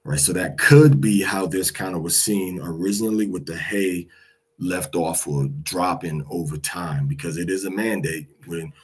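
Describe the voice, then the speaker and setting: A man's voice: low voice, moderate pace, breathy edge. A man teaching a language lesson, patiently repeating each pronunciation several times.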